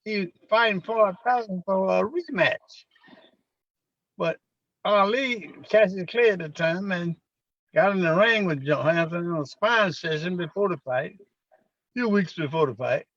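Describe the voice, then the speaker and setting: An older man being interviewed, recounting personal memories in an unhurried storytelling way and acting out what people said. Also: sits high, a bit bright, no echo, dull audio. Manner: unhurried storyteller who acts out quotes. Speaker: interviewee, former minister.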